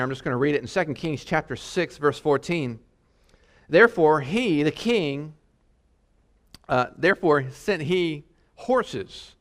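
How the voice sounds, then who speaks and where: Man, preacher, sermon, fairly high voice, exhorting, repeats words. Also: a bit bright. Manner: exhorting, repeats words, reads scripture slowly.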